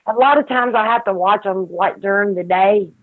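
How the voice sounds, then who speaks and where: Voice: medium pitch, moderate pace. Southern-twanged casual talker, laughs a lot, thin phone-like audio. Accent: Southern American. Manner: rambling, laughs often. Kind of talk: casual chat. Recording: tinny phone-like line.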